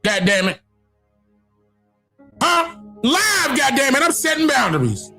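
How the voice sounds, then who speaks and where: A man hosting a reaction video, excitedly commenting, exclaiming and shouting, often repeating himself. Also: very high voice, slow pace, gravelly, faint music behind.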